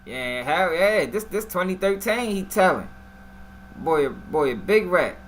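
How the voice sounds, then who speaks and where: A man's voice: sits high, a little slow, a little hiss or hum. A man giving slangy, casual commentary to his live-stream viewers, often asking what they think. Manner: slangy, animated, talks straight to the viewers.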